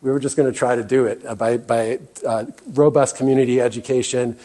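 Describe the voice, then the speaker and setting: A man's voice: medium pitch, steady tone, brisk, dark tone. A man giving a presentation talk as guest speaker, earnest and often restarting with fillers. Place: meeting room.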